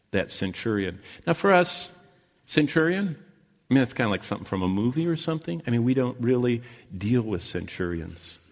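A male preacher delivering a sermon as dramatic storytelling, rising loud and then dropping to a hush. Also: medium pitch, big-room sound.

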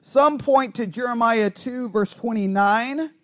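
A man teaching a Bible study class in an animated, conversational way, asking the class questions and correcting himself as he goes. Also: very high voice, a little slow.

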